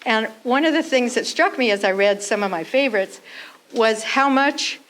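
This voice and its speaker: A woman's voice: a little high, moderate pace, fairly bright tone, poor audio. A woman artist speaking to a gallery crowd, a little out of breath and nervous, reading from an old review of her work. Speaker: featured artist giving a talk. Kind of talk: reading aloud and talking about her work. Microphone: handheld mic held by someone else.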